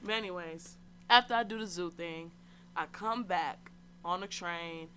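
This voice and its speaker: A woman's voice: lowish voice, a little slow, bright, forceful tone, slight background noise. A young adult woman hosting a podcast, telling a personal story in a chatty, slangy and candid way and talking straight to her listeners. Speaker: podcast host. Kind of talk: casual solo storytelling.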